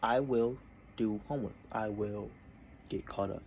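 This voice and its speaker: A man's voice: fairly low pitch, steady tone, a little slow, darkish tone, a little hiss or hum. A young man in a casual vlog, talking from his desk in a meandering, self-interrupting way. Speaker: vlogger.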